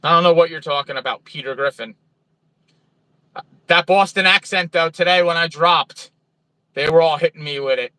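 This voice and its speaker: A man with a New Jersey accent chats on a livestream from a truck stop. His voice sits a little high and has a sharp, forceful edge. The sound is dry and close, with no room around it. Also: normal speed, long pauses, no room sound, low-quality recording. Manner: chatty, friendly, greets viewers by name. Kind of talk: casual livestream chat reading viewer comments.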